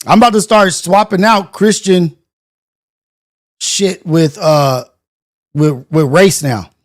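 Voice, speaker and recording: A man hosting a morning show, giving casual reaction commentary in an animated, slangy rant full of rhetorical questions. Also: sits high, slow.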